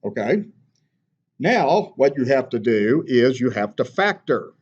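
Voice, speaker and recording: A man's voice: medium pitch, very animated, measured pace, slightly rough. Man teaching calculus, dull lo-fi sound. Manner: patient, checks in with "okay?" often. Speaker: math teacher. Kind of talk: classroom lecture. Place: classroom.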